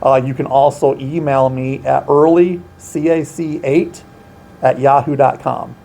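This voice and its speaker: An earnest man explains prevention steps and training in an interview, leaning hard on key words. His voice is warm and mellow, and it sits in a middle register. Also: medium pitch, steady tone, a little slow, gravelly, a little hiss or hum. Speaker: outreach coordinator at a children's center. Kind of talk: informational interview.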